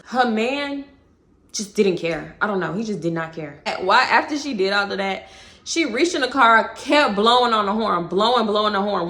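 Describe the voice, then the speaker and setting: A woman with a Texas accent telling a casual storytime, animated, profane and dramatic. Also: medium pitch. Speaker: vlogger.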